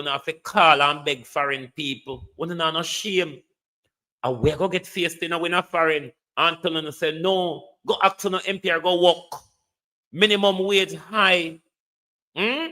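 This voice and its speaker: A man's voice: a little high, bright, forceful tone. A man with a Jamaican accent giving a mocking, scolding political rant on a livestream, sliding between standard English and patois. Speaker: political commentator.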